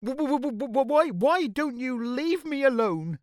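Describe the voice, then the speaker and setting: A man's voice: slow pace, a bit bright, no echo, clean studio sound, full character voice. A man voicing a nervous, stammering friendly giant in a storybook reading. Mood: stammering scared. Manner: stammering, high squeaky timid voice.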